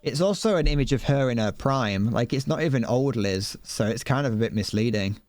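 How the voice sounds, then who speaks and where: A young British man chats loosely with his viewers as he plays, wandering from thought to thought. His voice sits at an ordinary middle pitch, and he hums little tunes under his breath between remarks. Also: lively intonation, a little fast, a little mellow, no room sound. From Britain. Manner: rambling, playful, hums to himself while playing. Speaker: streamer. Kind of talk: casual gaming stream chat.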